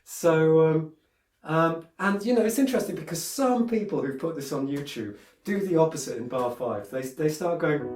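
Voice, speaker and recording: In a room with a piano, a male teacher gives a chatty lesson in a slightly high, expressive voice at normal speed, often wandering off topic, restarting sentences and using fillers. The sound is roomy and somewhat far from the mic, with piano playing in the background.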